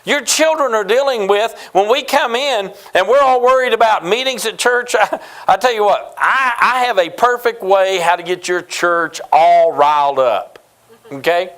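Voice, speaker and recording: A man's voice: sits high, moderate pace, fairly bright tone. A man in his fifties from New Mexico, preaching a sermon as a pastor, telling folksy, humorous stories. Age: 50s.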